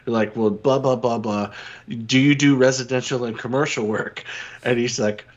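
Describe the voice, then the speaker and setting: Man, mid-pitched, relaxed storyteller, swears casually. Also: moderate pace, highs cut off.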